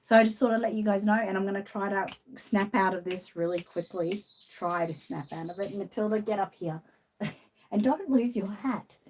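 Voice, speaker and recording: Australian woman, casual live-stream host, greets viewers by name, emotional and soft-spoken. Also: mid-range voice, moderate pace, a little hiss or hum. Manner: chatty, greets viewers by name between thoughts.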